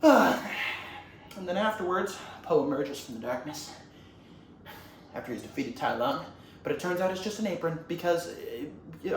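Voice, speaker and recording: A young man retells a movie in a loose, comic ramble full of swearing. His pitch is lively and bouncy. The recording has a roomy echo with faint ambient noise behind it. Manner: rambling, swears a lot, animated. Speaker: YouTuber. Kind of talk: casual comedic movie retelling.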